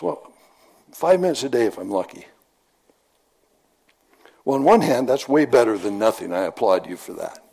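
A man's voice: fairly low pitch, a little mellow, breathy edge. A middle-aged man preaching a sermon in a folksy, conversational storytelling manner, often repeating his phrases.

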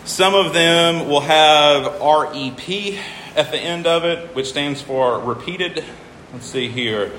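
A man's voice: fairly high pitch, slow pace, sharp tone. Male teacher, informal lecture, patient and repetitive, roomy hall with faint hum. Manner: patient, stops to count syllables aloud and repeats himself. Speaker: teacher explaining hymn meters.

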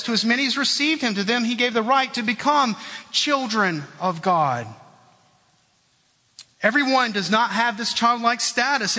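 High, bright-voiced male preacher in a reverberant hall. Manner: earnest preaching, swoops low at phrase ends, addresses listeners as friends. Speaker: pastor. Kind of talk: sermon.

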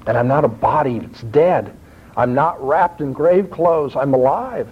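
A man preaching a sermon, quoting scripture and climbing in pitch to stress his points. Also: a little slow, husky. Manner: expressive, rising emphasis when quoting scripture. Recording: dull lo-fi recording.

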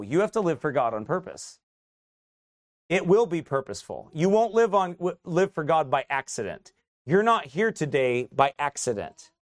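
A man's voice: fairly high pitch, dry recording, clean studio sound. A middle-aged man preaching a sermon as a pastor, chatty and joking, then building to emphatic exhortation. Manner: conversational preaching, rising to emphatic exhortation, laughs often.

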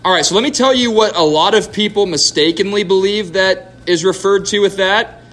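Speaking briskly in a high, fairly bright voice, a man runs a Bible-teaching question-and-answer evening in a church hall. He drives home points from scripture with emphasis and quizzes the audience.

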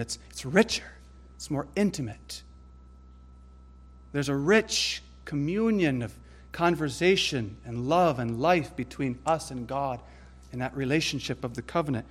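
A man preaching a sermon, deliberate and emphatic, building stress through lists of scripture. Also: on the high side.

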